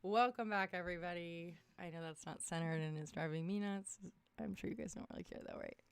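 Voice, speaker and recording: A young woman hosting a casual livestream from her small room at home, chatty and excitable, jumping between topics while tired and losing her voice. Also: on the low side, fairly quick, vocal fry, clear, resonant tone, dry recording. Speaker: livestream host.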